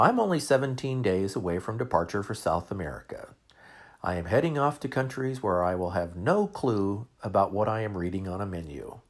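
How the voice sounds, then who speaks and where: A man's voice: fairly low pitch, breathy edge. A man in his forties, a podcast host, telling a humorous story in a wry, self-mocking way.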